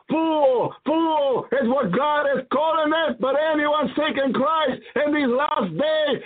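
A man preaching a prophetic sermon, fervent and repetitive, with frequent hallelujahs and praise. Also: very high voice. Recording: tinny phone-like audio.

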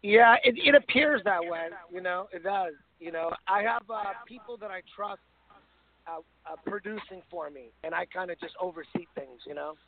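A man being interviewed as a guest on a phone line, talking in a relaxed way with many fillers. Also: high voice, normal speed, gravelly.

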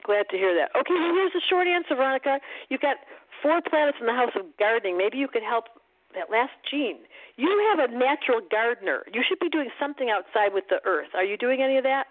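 A woman's voice: on the high side, expressive, fast. A woman astrologer giving call-in readings on the radio, playful and emphatic, joking with callers. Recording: phone-like narrow band.

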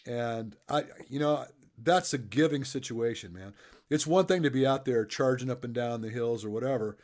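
A middle-aged man with a mid-range, slightly mellow voice interviews a guest and coaches at a moderate pace. In casual chat he tells loose, joking stories like a chatty storyteller.

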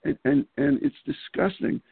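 A man's voice: moderate pace, no room sound. A man guesting on an interview show, talking casually and animatedly, with frequent restarts and laughs. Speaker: political candidate guest. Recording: phone-like call audio.

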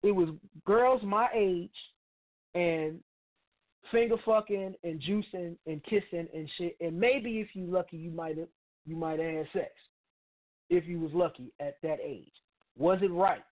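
A man's voice: high voice, unhurried. Middle-aged man, blunt and profane, street slang, radio host monologue, tinny phone-like sound. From Chicago, United States. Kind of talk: opinionated monologue.

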